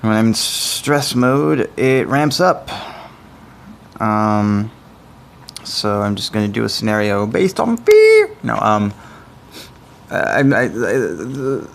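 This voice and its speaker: A man's voice: lowish voice, huge pitch swings, takes it slowly, vocal fry, long pauses. A man streaming live, chatting casually in a rambling, stammering way that often breaks off mid-thought. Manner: rambling, stammering, self-interrupting.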